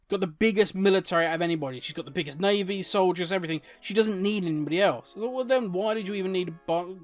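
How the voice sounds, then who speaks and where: A man hosting a casual, opinionated commentary on game lore, often exasperated. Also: sits high.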